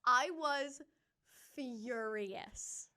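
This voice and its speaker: A young woman co-hosting a podcast, telling a story in a casual, animated way and acting out what people said. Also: a little high, drawn-out words, clean tone. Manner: animated, laughing, acts out quotes. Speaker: podcast co-host.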